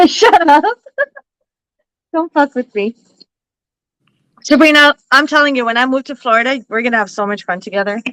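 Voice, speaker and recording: A woman hosting a live stream, telling a long story in a loose, animated way and swearing freely. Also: fairly high pitch, fairly quick, no room sound, rough recording. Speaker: livestream host and psychic reader. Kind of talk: casual storytelling chat.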